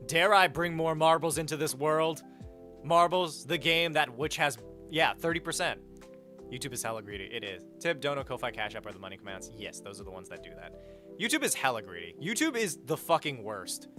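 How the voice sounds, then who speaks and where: Lively bright-voiced man ranting on stream. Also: mid-range voice. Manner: animated and blunt, swears freely, rants. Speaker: livestreamer. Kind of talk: casual livestream chat, reading donations and chat aloud.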